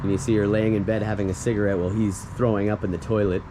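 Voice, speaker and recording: Give me an excited man chatting on a walk outdoors, with clear traffic noise around him. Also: on the low side, fast. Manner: excited, chuckles often, acts out movie lines. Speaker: filming-location vlogger. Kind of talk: casual walk-and-talk narration. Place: outdoors on streets and a driveway.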